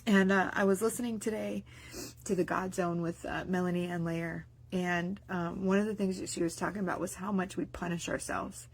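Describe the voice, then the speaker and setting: A woman's voice: on the low side, fairly even intonation, moderate pace. A woman vlogger talking in a casual, rambling spoken-diary monologue, with many restarts and fillers. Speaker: mindset vlogger and business owner.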